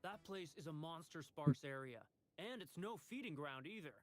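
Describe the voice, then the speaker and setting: A man's voice: a little high, expressive, normal speed, no room sound, close to an everyday voice. A man voicing a laid-back young surfer-dude adventurer in a video game, drawling in surfer slang. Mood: puzzled, serious. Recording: game audio with loud music. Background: game soundtrack music.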